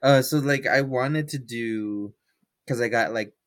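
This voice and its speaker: A man's voice: mid-range voice, unhurried, dry recording, clean studio sound. A man co-hosting a podcast in casual chat, speaking hesitantly with many fillers. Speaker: podcast co-host.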